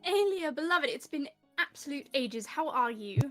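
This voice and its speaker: A gushing, theatrical socialite woman who loves a scandal, as a woman puts her on. She sounds high and bright and calls everyone darling. Faint music plays under her in this role-play podcast. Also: expressive, normal speed.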